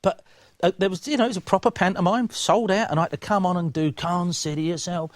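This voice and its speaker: A man telling stories in a studio interview, acting out the voices of people in them, lively and chatty. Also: high-pitched, quick pace, no room sound. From England. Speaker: interview guest. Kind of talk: animated anecdotal storytelling.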